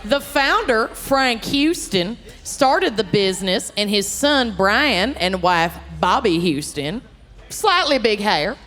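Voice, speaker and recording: A woman with a Minnesotan accent, co-hosting a live true-crime comedy podcast and presenting a case in an animated, joking way, calling out to the crowd. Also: medium pitch, slow pace, faint music behind. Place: live theater show. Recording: live venue with long reverb and faint noise.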